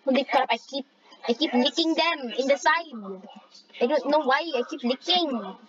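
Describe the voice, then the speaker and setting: A female gamer giving excitable live commentary on a race, with shrieking exclamations and jokey trash talk. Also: high voice, normal speed, highs cut off.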